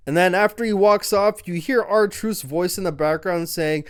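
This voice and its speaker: A man's voice: on the high side, moderate pace, hardly any pauses, clear, resonant tone. A man recapping a wrestling show in casual, rambling chat, full of fillers and offhand swearing.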